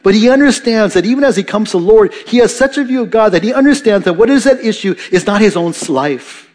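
Male pastor mid-sermon; conversational, self-correcting, swells loud then drops quiet. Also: sits high, lively intonation, fast talker. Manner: dynamic preaching, rising for emphasis and dropping soft.

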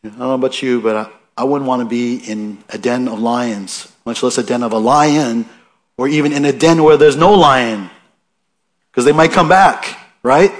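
With a medium-pitched voice and a moderate pace, a man delivers a chatty sermon full of questions aimed at his listeners. He frequently restarts his sentences, and when he reads scripture aloud his emphasis keeps rising.

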